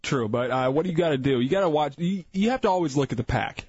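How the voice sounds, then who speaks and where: A male radio co-host with a husky, breathy voice who trades crude jokes and laughs often. The sound is dry and close, with a dull lo-fi radio tone. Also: fairly high pitch, lively intonation, fast, darkish tone, dry recording. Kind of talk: casual radio banter.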